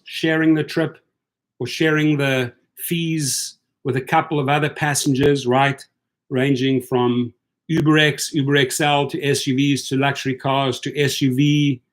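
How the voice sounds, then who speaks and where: A man hosting a casual livestream for rideshare drivers, reading out viewer comments and chatting to them in a loose, tired way. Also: fairly high pitch. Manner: chatty, loose, repeats himself, talks straight to viewers.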